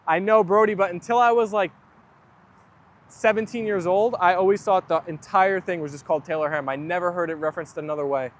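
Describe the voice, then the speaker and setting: A man's voice: sits high, fairly even intonation, brisk, a little hiss or hum. A young man hosting a casual livestream, chatting loosely and reading viewer comments aloud. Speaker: livestream host.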